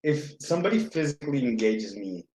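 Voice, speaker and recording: A man's voice: mid-range voice, expressive, fairly quick, a little mellow. A man co-hosting a casual podcast, talking bluntly and jokingly with a lot of swearing. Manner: blunt, profane, jokey. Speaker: podcast co-host. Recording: roomy echo.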